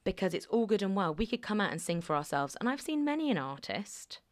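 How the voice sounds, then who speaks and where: A woman singer from Alderney, chatting casually and telling lively stories. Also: medium pitch, a little fast. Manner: chatty, animated storyteller who slips into impressions. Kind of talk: casual chat.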